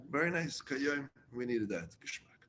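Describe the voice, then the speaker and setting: Rich: A man teaches a casual study class at a middle pitch. He reads Hebrew lines aloud and explains them in plain English, often restarting his sentences. A faint rumble sits behind him. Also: animated, normal speed, a bit bright.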